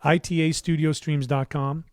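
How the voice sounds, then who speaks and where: Middle-aged male musician, relaxed rambling livestream host, dry close studio sound. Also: on the high side, moderate pace, dry recording. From United States. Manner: rambling, warm asides, many fillers and restarts. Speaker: musician hosting his own livestream. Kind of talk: casual livestream chat. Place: his home recording studio.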